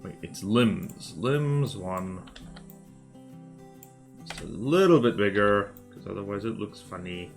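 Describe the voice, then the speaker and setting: A man's voice: on the low side, lively intonation, slow, creaky, pauses often, soft background music. A man streaming while drawing, chatting casually, muttering to himself and joking with viewers. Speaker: art streamer.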